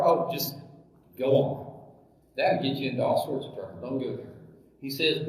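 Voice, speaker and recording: A man's voice: mid-range voice, normal speed, long pauses. A man preaching a sermon as pastor, emphatic, full of rhetorical questions and scripture references, recorded from far off in an echoey hall.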